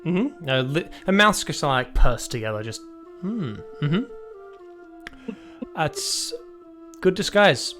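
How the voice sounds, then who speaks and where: A game master running a tabletop game and describing the scene in an animated, chatty way. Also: mid-range voice, slow, pauses often, soft background music.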